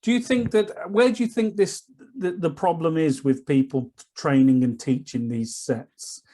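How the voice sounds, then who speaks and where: Co-hosting a casual podcast about martial arts, a man with a fairly high, warm voice speaks a little slowly. He teases his partner and rambles with lots of fillers.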